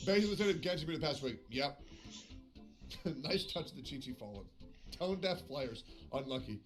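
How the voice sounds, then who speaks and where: Man streaming a game, fairly high voice, sarcastic, swears a lot, faint music underneath. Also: sharp tone. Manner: profane, sarcastic and passive-aggressive. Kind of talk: casual live-stream chat.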